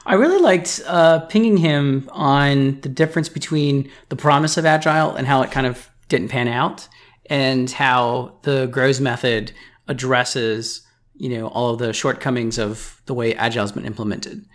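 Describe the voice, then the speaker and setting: Regular guy cohosting a podcast, mid voice, thinks as he talks, kinda measured. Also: mid-range voice. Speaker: podcast co-host. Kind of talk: casual podcast chat.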